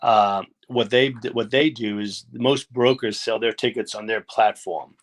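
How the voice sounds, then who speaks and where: A man giving a remote interview on a video call, halting and restarting often as he explains things at length. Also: lowish voice. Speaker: interview guest.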